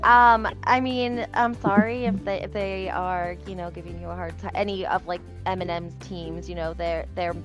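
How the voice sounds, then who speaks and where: A woman's voice: lowish voice, fairly even intonation, normal speed, hardly any pauses, over music. A woman hosting a podcast in casual chat, responding supportively and apologizing to her guest. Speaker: podcast host.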